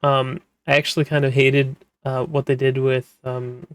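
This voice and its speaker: A man talks casually, rambling and restarting often, his voice sitting at an ordinary middle pitch. The sound is dry and close, with no room echo. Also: level tone, moderate pace, smooth. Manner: rambling, with many fillers and restarts. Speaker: manga translator, podcast host. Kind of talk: casual explanatory talk.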